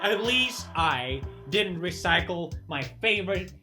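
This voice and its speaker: A man's voice: sits high, lively intonation, unhurried, sharp tone, soft background music. A man giving sarcastic reaction commentary, mocking and laughing between clips. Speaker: commentary host.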